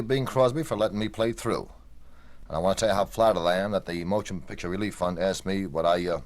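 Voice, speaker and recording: A man with a very low voice tells short comic stories. He delivers them in a dry, deadpan way, letting each punchline land flat. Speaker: comedian. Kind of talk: stand-up storytelling.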